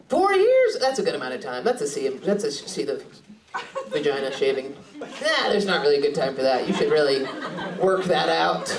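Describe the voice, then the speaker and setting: A woman stand-up comedian doing crowd work, giggly and crude, riffing with the audience on a club stage. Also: lowish voice. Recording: far-off echoey room, loud crowd.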